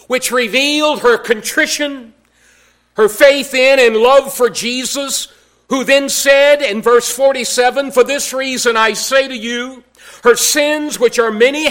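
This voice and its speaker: Male pastor, high-pitched, slow deliberate sermon delivery with emphatic rises. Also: bright, forceful tone.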